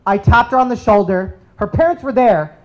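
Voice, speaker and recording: Animated self-deprecating male storyteller. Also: extremely high pitch, normal speed, rough recording. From United States. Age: 30s. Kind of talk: live comedic storytelling. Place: stage at a live story slam.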